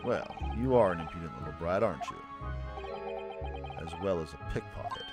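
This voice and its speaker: A man voicing a haughty, condescending English gentleman in a posh English accent, pompous and clipped. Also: low-pitched, expressive, moderate pace, over music, voice pushed down. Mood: scornful.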